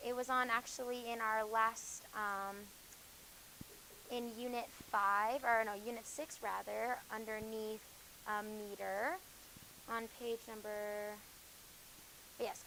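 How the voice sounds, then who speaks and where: A woman with a somewhat high voice teaches a high school class and explains a lesson step by step. She stumbles through fillers and corrects herself as she goes. A faint hiss sits under the recording. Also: rough recording. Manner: explains with many fillers and self-corrections, hushes students. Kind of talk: classroom lecture.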